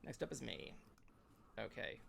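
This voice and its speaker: A man's voice: fairly low pitch, sing-song, a little slow, vocal fry, a bit bright, a little hiss or hum. A man hosting a casual livestream talk show, talking loosely and joking. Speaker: show host.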